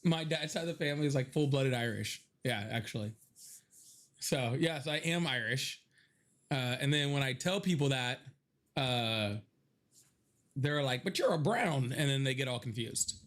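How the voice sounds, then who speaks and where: A man's voice: medium pitch, moderate pace, long pauses, a bit bright. A man hosting a casual live chat, rambling and joking with his viewers, laughing often, a little stuffy from allergies. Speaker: live stream host.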